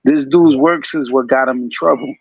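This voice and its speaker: A man's voice: medium pitch, moderate pace, gravelly, husky, no echo. A man talking as a guest in a casual, laid-back way. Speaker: guest, former member. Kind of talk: casual conversation. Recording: dull lo-fi audio.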